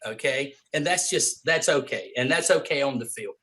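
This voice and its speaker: A man's voice: medium pitch, moderate pace, pushed and bright. A man on a sports talk show, joking and laughing his way through a point. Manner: jokey, laughing as he talks.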